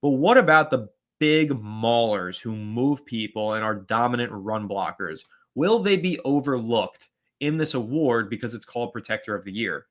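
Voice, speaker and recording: A man hosting a live fan stream, chatting casually, rambling and shouting out viewers by name as he reads their comments. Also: mid-range voice, expressive, moderate pace.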